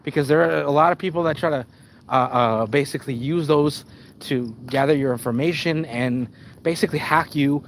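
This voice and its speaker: A man's voice: on the high side, moderate pace, slight background noise. Rambling, swearing male streamer. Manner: rambling and profane, with frequent restarts. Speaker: channel host. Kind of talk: casual live-stream chat.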